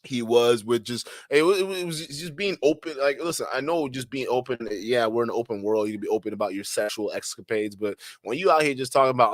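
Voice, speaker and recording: Brief: casual man streamer, slangy and laughing, mid pitch, dry close mic. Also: fast, few pauses, no room sound. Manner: slangy, laughing, repeats himself. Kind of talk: casual chat reading viewer comments.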